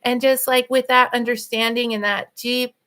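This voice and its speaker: A middle-aged woman hosting a casual spiritual talk, talking fast and animated, laughing often. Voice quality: voice runs high. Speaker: author and podcast host.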